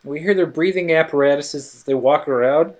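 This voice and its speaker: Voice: medium pitch, a little fast. Playful, sarcastic movie-recap co-host. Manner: sarcastic, playful, acts out characters' lines. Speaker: podcast co-host. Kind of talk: casual movie recap narration.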